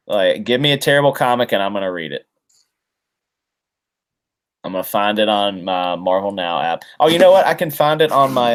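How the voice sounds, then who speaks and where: Low-voiced rambling man, casual chat. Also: expressive, normal speed, pauses often, clear, resonant tone. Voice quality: rambling, many fillers. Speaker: podcast co-host.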